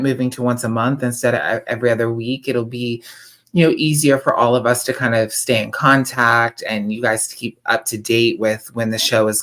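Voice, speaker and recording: Easygoing man co-host. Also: mid-range voice. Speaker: podcast co-host. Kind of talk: casual live-show chat.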